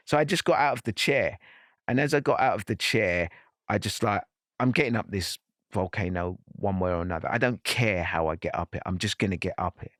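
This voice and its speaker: A man's voice: on the low side, dry recording, studio quality. A man, a podcast guest, recounting a personal story in an earnest, reflective way with frequent restarts.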